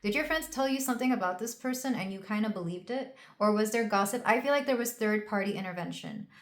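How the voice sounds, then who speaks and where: A woman's voice: mid-range voice, fast talker. A young woman doing a casual tarot reading to camera, talking in an emotional, rambling way with many fillers and restarts. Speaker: tarot reader. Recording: roomy echo.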